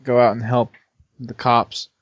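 A man's voice: mid-range voice, little pitch movement, unhurried, no room sound, muffled recording. Modest young college guy on a podcast. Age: young adult. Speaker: podcast co-host. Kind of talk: casual podcast banter.

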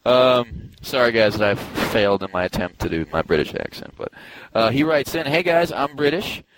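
A man's voice: a little fast, noisy background. A man co-hosting a podcast in casual chat, laughing often as he reads listener mail. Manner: laughs often, lively pitch. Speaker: podcast co-host.

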